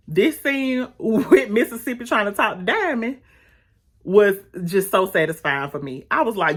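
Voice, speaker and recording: Woman, casual TV recap vlog, sassy and animated, talks to camera, middle pitch. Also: unhurried. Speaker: YouTube reviewer.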